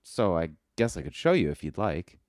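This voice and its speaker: A man's voice: sits low, sing-song, normal speed, a little mellow, dry recording, studio quality, pitched above the performer's own voice. A man voicing a friendly, awkward android that rambles eagerly with little hesitations. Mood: chatty.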